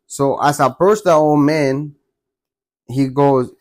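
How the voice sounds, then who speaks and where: A man's voice: a little high, takes it slowly, a little mellow, dry recording. A man telling a story in blunt, profane street slang, in a casual manner.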